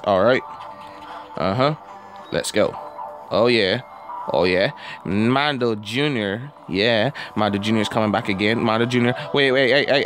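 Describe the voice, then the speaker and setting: A man hosting a gaming video who has a cold, giving casual gameplay commentary and yelling and groaning at the game. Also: mid-range voice, moderate pace, long pauses, soft background music. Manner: excitable, yells and groans at the game. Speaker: gaming channel host.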